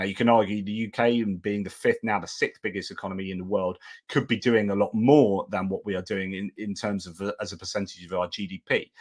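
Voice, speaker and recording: A man's voice: fairly low pitch, breathy edge. A British man hosting a live stream, talking in a rambling, self-correcting way with lots of restarts. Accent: British English. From United Kingdom. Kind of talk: casual live-stream commentary.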